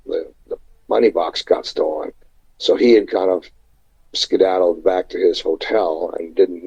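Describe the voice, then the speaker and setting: A man, a wrestler guest, telling a rambling anecdote in a casual interview, halting and full of fillers. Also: sits low, dark tone, husky, muffled recording. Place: indoors at night, remote call.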